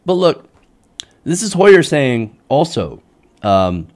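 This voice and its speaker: A male host delivers a heated political rant, his pitch leaping up and dropping low as he works himself up. He sounds exasperated and mocking, as if fed up with what he is talking about. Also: takes it slowly. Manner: animated, exasperated ranting with mocking quoted voices. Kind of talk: political commentary show.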